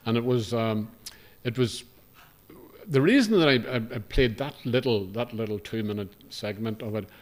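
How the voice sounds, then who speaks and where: A man's voice: medium pitch, expressive, moderate pace. An older man with a Northern Irish accent, giving a humorous, rambling talk to a live audience in a hotel function room, full of asides and self-deprecating remarks. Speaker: guest speaker, broadcaster.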